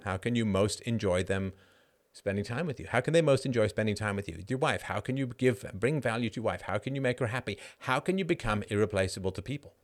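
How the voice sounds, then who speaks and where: A middle-aged man hosting a live show, answering chat questions in an animated monologue that keeps tossing in a rhetorical "right?". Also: lowish voice, quick pace, few pauses. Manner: animated, frequent rhetorical "right?", laughs mid-sentence. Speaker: host.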